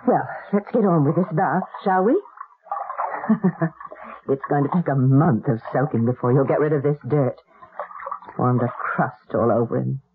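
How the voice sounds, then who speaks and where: An actress playing a brisk, matter-of-fact woman in a 1970s radio drama, with a husky, low voice. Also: noisy background. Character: brisk, practical woman of the household. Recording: lo-fi old radio broadcast.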